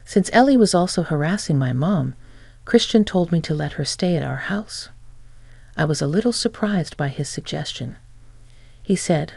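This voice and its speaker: A woman reading a scripted first-person story in an even, matter-of-fact way. Her voice is creaky and mellow, sitting at a middle pitch. It is recorded close and dry with no room sound. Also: moderate pace, no echo. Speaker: narrator.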